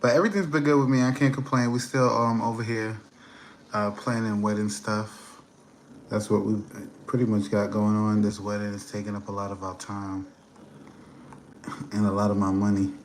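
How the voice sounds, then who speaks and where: A man's voice: lowish voice, completely flat delivery, moderate pace, slight background noise. A man hosting a casual livestream from his kitchen at home, rambling easily while he reads the chat and browses on his computer. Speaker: livestream host. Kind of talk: casual live-stream chat.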